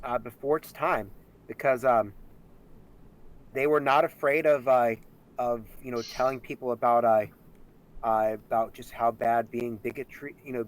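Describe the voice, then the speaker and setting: A man's voice: mid-range voice, fairly even intonation, normal speed, rough recording. A man co-hosting a casual live-streamed nerd talk show, rambling with many fillers and restarts. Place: home setup, streamed live.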